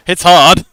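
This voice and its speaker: Livestreaming as he draws, an artist chats casually, rambling and making fun of himself, laughing often and muttering as he works. His voice is bright and forceful, with no echo.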